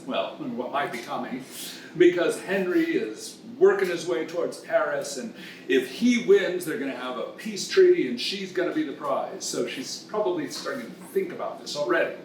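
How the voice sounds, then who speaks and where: A man with a fairly high voice hosts a comic lesson, retelling the tale with a bawdy, teasing glee. He sounds a step away from the mic, and a strong room echo rings around his words over faint background noise. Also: distant mic. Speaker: host.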